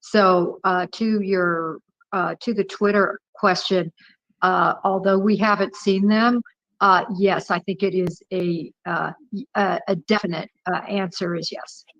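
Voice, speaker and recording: A woman guest with a police background explaining forensic evidence in a measured way, pausing often with "uh". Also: medium pitch, steady tone, no room sound, highs cut off. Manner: measured, hesitant, lots of uh. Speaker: former police investigator as guest. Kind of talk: interview explanation.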